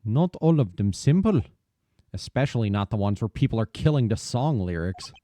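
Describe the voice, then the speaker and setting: A man voicing a suave male rock-star prosecutor with a put-on German accent, in a smooth, self-assured drawl. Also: fairly low pitch, expressive, normal speed, dark tone, no room sound, lightly acted. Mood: musing. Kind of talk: voicing game dialogue on a stream.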